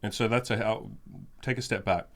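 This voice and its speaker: A man with a lowish voice tells a personal story in a casual podcast chat. He talks frankly and emphatically. He circles back on phrases to drive a point home. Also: steady tone, normal speed. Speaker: podcast host.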